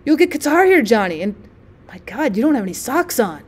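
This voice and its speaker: A woman reading as an excitable young gentleman. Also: on the high side, brisk, husky. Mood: pleading. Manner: sputtering, emphatic. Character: excitable young male society friend.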